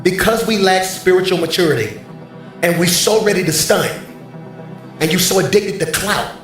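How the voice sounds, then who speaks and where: A male pastor preaching a sermon from a church stage, animated and bantering with the congregation. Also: sits high. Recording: very echoey hall, faint music.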